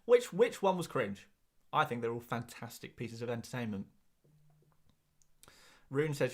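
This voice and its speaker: A man's voice: medium pitch, sing-song, unhurried, long pauses. An English man chatting through a live stream and reading out viewers' questions, in a middle-range voice. His talk rambles and stumbles over repeated words, and he pokes fun at himself. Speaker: host. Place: small cupboard-like room.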